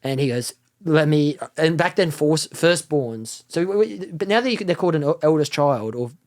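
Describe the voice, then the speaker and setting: A man's voice: on the high side, expressive, normal speed, a little mellow. A man from Australia, a comedian guest on a podcast, rambling through a comic story and laughing often as he talks. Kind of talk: casual podcast chat.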